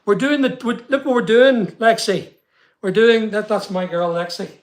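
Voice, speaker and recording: Chatty high-voiced man. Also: normal speed. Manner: chatty, greets viewers by name. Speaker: live stream host. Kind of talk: casual live stream chat greeting viewers. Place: studio room being built. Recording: echoey unfinished room.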